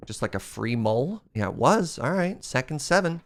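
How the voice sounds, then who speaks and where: A man streaming a game, chatting casually and excitably with his viewers, his voice strained from shouting. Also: medium pitch, normal speed. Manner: excitable, chatty, laughs often. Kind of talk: casual live-stream chat.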